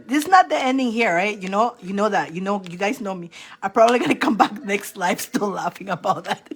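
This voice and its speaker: A woman's voice: fairly high pitch, fairly bright tone. A woman on a livestream giving tarot readings, chatting casually and often breaking into fits of laughter. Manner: chatty, rambling with restarts.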